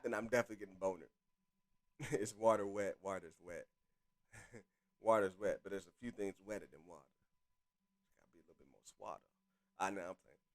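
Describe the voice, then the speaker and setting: A young man hosting a casual live stream, chatty and reading articles aloud with offhand asides, his loudness rising and dropping to mumbles. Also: on the low side.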